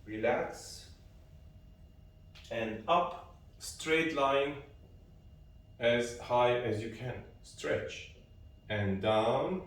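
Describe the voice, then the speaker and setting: Slow, calm man in an echoey room. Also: medium pitch, recorded from a distance. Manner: slow, calm cueing of breaths and movements. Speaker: qi exercise instructor. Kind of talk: guided online exercise class. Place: room at home with a balcony door.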